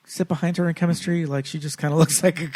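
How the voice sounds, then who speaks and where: A man co-hosting a casual podcast chat, animated and laughing often, with lots of fillers. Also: fairly high pitch, quick pace, no echo. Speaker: podcast co-host.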